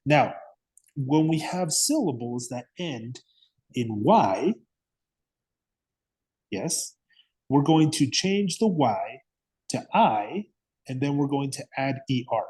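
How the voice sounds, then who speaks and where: A man's voice: medium pitch, big pitch swings, takes it slowly, pauses often, darkish tone, husky. A man teaching an English grammar lesson, patiently repeating words and checking understanding with frequent "okay?" and "yes?".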